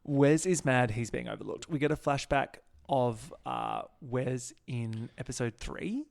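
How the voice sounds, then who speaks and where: A young man hosting a podcast, chatting casually and gossiping about a reality show, acting out quotes in quick bursts. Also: medium pitch, very animated, creaky, darkish tone. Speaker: podcast host.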